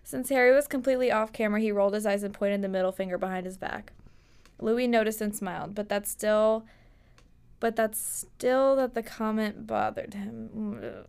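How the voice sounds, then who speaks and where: Young woman, podcast host; casual, playful reading of fanfic lines, mid-pitched. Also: steady tone, normal speed, gravelly, darkish tone, clean tone. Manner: reads aloud with playful put-on quote voices.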